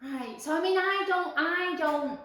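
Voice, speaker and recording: High-voiced woman in an echoey room. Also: a little slow, a bit bright. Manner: chatty, sarcastic, explains science plainly. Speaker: podcast co-host, fitness coach. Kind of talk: casual chat.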